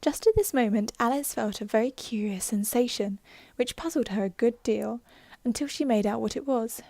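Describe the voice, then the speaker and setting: Hushed woman reading a storybook. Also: fairly high pitch, moderate pace, gravelly, dry recording. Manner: gentle, hushed narration. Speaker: audiobook narrator. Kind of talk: soft ASMR storybook reading.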